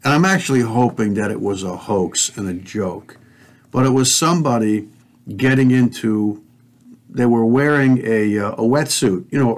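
A man hosting a talk show, ranting in a fiery, preachy way and swearing as he speaks straight to his listeners. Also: mid-range voice. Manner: fiery, profane, preachy, addresses listeners directly. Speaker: podcast host. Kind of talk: heated conspiracy talk show rant.

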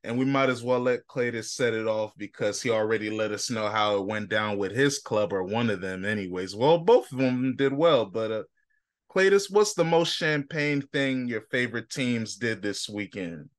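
A man's voice: lowish voice, normal speed, no echo, clean studio sound. A man hosting a casual sports podcast, talking in a laid-back, slangy way and teasing his co-hosts. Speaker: podcast host. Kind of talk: casual chat.

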